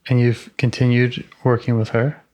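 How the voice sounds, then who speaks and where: Calm therapist with gentle questions. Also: mid-range voice, normal speed, highs cut off. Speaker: IFS therapist. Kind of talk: therapy session guidance.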